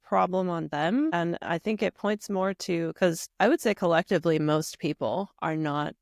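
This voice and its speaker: A woman hosting a podcast in a casual conversation, reflective and chatty, with frequent soft affirmations. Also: fairly low pitch, normal speed, dry recording, studio quality. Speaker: podcast host.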